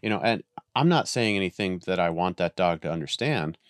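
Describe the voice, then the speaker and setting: A man's voice: deep voice, lively intonation, a little fast, dry recording, clean studio sound. A man in casual conversation, telling a long story with many restarts and acted-out voices. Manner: rambling, restarts a lot, acts out voices in stories. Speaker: guest on a dog training podcast.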